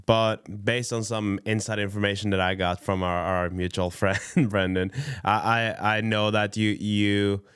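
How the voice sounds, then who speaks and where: Male host, very low smooth voice, dry sound, halting phrasing. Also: flat delivery, fairly bright tone, no room sound. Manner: hesitant, repeats words while forming questions. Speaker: podcast host. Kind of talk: interview questions.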